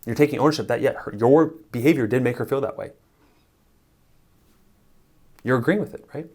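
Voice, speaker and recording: A man's voice: mid-range voice, very fast, darkish tone. A man giving relationship coaching straight to camera, emphatic and conversational, acting out sample lines of dialogue. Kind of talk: direct-to-camera advice talk.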